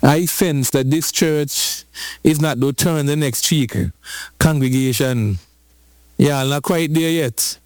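A man preaching a lively sermon, switching into patois and drawing out lines slowly for emphasis. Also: on the high side, clear, resonant tone, dry recording. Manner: animated, rhythmic preaching in patois-flavored speech.

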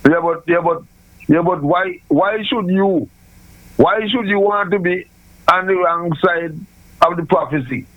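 A man's voice: high-pitched, measured pace, no room sound, phone-quality sound. A man arguing about politics on a radio call, stammering and repeating words as he pushes his point. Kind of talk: heated political talk radio.

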